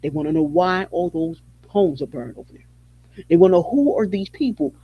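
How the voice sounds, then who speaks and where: A man's voice: high voice, lively intonation, normal speed, breathy edge. A man hosting a podcast, giving emphatic, repetitive spoken commentary in a preaching tone. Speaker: podcast host. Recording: dull lo-fi audio.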